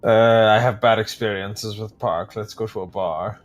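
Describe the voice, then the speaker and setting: A man playing a tabletop role-playing game, talking in a halting way as he thinks aloud. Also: fairly low pitch, steady tone. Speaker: player. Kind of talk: tabletop role-play chat.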